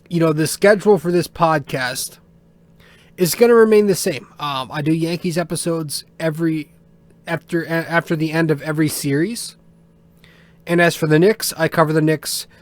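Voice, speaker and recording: A young man hosting a casual solo sports podcast, rambling and cursing with lots of fillers and little chuckles. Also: a little high. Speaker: podcast host.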